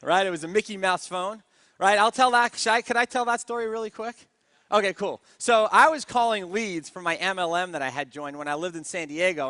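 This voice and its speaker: A man with a high, ringing voice gives a motivational stage talk about network marketing. He tells his story with energy and keeps asking the room for answers. The sound is close and dry. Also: sharp tone, no room sound.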